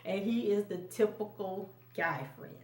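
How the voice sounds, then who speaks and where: A woman's voice: mid-range voice, unhurried, darkish tone. A woman talks through a TV episode recap in loose, chatty fashion, breaking into laughs and bumping her voice up when she quotes the characters. She sits some way from the mic, and the room around her rings with echo. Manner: chatty, laughs often, acts out quotes in a raised voice. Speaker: TV recap vlogger. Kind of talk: casual recap talk. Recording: roomy echo, mic at a distance.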